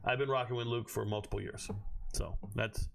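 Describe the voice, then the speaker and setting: A man hosting a live stream from his home on his own microphone, talking bluntly with plenty of swearing and sudden bursts of shouting. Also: mid-range voice, fairly even intonation, fairly quick, creaky. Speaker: host of a draft watch party stream. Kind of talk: casual live-stream commentary.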